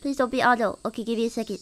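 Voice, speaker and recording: A woman streamer chatting casually and excitably with her audience between reading. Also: fairly high pitch. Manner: bubbly, animated, excitable. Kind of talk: casual game stream chat.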